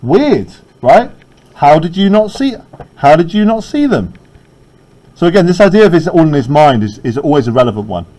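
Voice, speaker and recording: A man's voice: fairly high pitch, sing-song, normal speed, warm tone, rough recording. A male teacher leading a classroom literature lesson, talking conversationally and often checking in with "right?".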